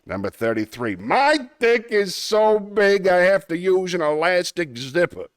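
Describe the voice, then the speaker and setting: A man voicing a brash, boastful tough guy with a put-on Brooklyn accent, reading jokes in a loud, drawn-out, punchy way. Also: high voice, very animated, dry recording, clean studio sound, voice pushed up.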